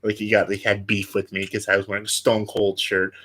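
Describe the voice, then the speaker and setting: A young man with a bright, forward voice, talking through a countdown in casual chat. He is animated, jumping into loud impressions and back into easy banter. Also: fairly low pitch, fairly quick. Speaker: co-host.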